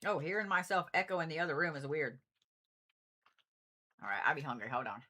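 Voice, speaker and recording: A woman's voice: deep voice, animated, fairly quick, sharp tone. A woman astrologer hosting a live reading, joking and swearing casually as she explains a birth chart. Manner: loose, joking, swears freely. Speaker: astrologer host.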